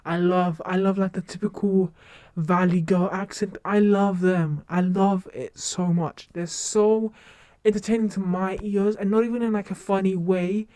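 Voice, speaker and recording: A young woman streamer in casual live-stream chat, talking quickly and rambling, with lots of fillers and restarts. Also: mid-range voice, steady tone, mellow, no echo. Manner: rambling, fast and talkative with many fillers. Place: home streaming setup.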